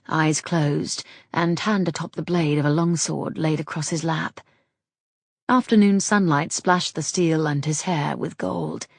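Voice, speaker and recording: A woman narrating a romance novel for an audiobook in a measured, even storytelling manner. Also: low-pitched, gravelly, husky, no room sound, studio quality.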